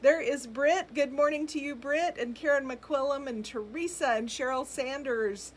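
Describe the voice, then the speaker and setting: Brief: middle-aged woman, bright-pitched, chatty live-stream host, faint room hum. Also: normal speed. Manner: chatty, greets viewers by name, frequent ums and laughs. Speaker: boutique live-sale host. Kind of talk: casual live-stream chat reading viewer comments.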